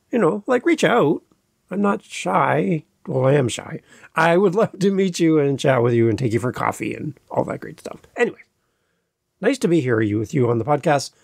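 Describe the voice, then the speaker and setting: Gravelly, chatty male podcast host. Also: fairly high pitch, a little mellow, no echo, studio quality. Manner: chatty, emphatic, repeats words for stress. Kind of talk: casual solo podcast talk.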